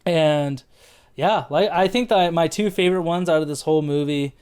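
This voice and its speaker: American man, casual film review chat, rambling, swears now and then, smooth clear voice, slightly high pitch. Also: moderate pace, darkish tone. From United States. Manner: rambling, loose, swears casually, laughs often. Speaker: podcast co-host.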